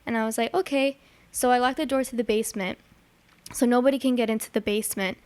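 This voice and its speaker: A woman's voice: fairly high pitch, steady tone, quick pace, darkish tone, no room sound. Chatty young woman on a podcast. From Chicago area. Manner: chatty, lots of likes and ums, acts out her dad's lines. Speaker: podcast guest. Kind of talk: casual storytelling chat.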